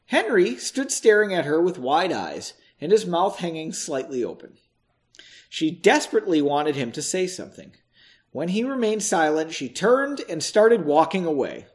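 A man's voice: on the high side, big pitch swings, moderate pace. Chatty man reading a novel aloud. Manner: chatty asides, swears and laughs between passages. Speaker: audiobook reader. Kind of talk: casual read-aloud of a novel.

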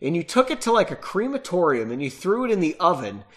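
A man's voice: high-pitched, sing-song, fast talker. Rambling man with a stuffy nose. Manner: rambling, self-mocking. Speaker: podcast host and reader. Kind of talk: casual chat and reading aloud.

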